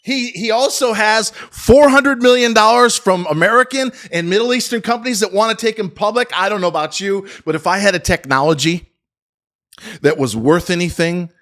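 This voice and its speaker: A middle-aged man with a rather high voice rants through his stock market commentary. He is sarcastic and full of profanity, jumping between points and restarting his sentences as he goes. He talks like a trading channel host riffing straight to camera. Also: normal speed, a bit bright.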